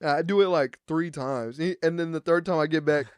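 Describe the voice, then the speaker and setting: A young man with a high voice tells stories on a podcast, laughing as he goes and playing every person in the tale. He swears freely and keeps the pace lively. The sound is close and dry, with no room echo. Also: fairly quick, smooth. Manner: animated, swearing, acting out both sides of a phone call with laughs. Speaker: podcast co-host. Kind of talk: casual storytelling chat.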